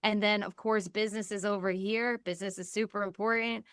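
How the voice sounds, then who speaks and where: A woman in a casual podcast chat. She speaks in an earnest, upbeat way at a mid-range pitch and often laughs softly. The sound is dry and close, with no room echo. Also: fairly even intonation, a little fast, smooth. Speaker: guest.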